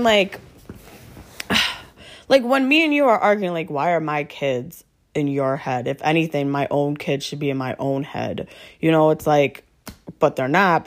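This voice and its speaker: A woman with a low, dusky voice talking straight through an unscripted monologue. She rambles, crams in filler words and swears freely, with an exasperated edge and plenty of rhetorical questions. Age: adult with children. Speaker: vlogger venting about her partner.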